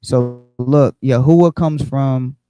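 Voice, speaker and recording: A man's voice: mid-range voice, takes it slowly, dark tone, clear, resonant tone, no echo, low-quality recording. A man teaching an online Bible study, explaining with frequent restarts and repeated words.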